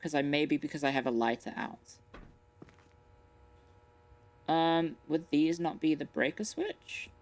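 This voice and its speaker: A woman's voice: sits low, normal speed, a little mellow. A young woman streams a puzzle game from her bedroom, chatting nervously with viewers. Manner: chatty, nervous, repeats herself when spooked. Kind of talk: live game stream commentary. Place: bedroom at home. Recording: faint music in background.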